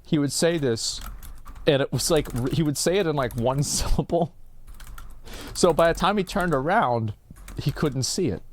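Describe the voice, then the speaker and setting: Lively, rambling male streamer. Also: fairly high pitch, moderate pace, long pauses, a little hiss or hum. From Texas. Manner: rambling, profane, full of filler words. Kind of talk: casual storytelling on a live stream.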